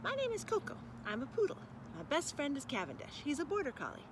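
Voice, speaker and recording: Lady doing a perky poodle girl, high and bouncy, storybook voice. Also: huge pitch swings, quick pace, noisy background. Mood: cheerful. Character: cheerful female poodle narrator, warm and proud.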